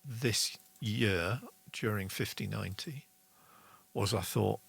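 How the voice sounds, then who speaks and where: This middle-aged songwriting show host runs a casual online lesson on meter, his lowish voice slow, husky, fairly bright and edged with vocal fry. Chatty and enthusiastic, he reads viewer comments aloud and sings rhythm syllables.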